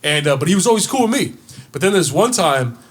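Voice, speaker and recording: A young man co-hosting a casual podcast, telling a school story with lots of swearing and getting loud and excited. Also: on the high side, fast talker. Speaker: podcast co-host.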